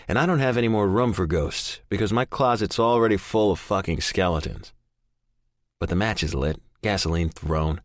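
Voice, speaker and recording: A man reads a first-person romance audiobook in a low voice, brooding and intense, cursing through his inner monologue. He is close to the mic in a dry, dead room. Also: no echo. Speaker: audiobook narrator.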